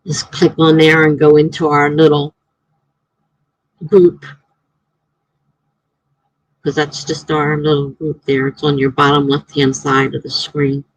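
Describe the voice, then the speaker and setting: A woman's voice: low voice, level tone, a little slow, pauses often, dry recording, poor audio. A woman, a writer, hosting a casual live stream from home, chatting in a rambling way and laughing often.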